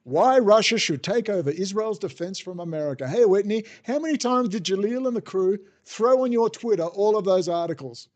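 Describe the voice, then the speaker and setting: High-voiced Australian man ranting sarcastically. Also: lively intonation, fairly quick, few pauses, darkish tone. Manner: profane, sarcastic, exasperated. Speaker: political commentator. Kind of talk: ranting monologue. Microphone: desk setup with bookshelf behind.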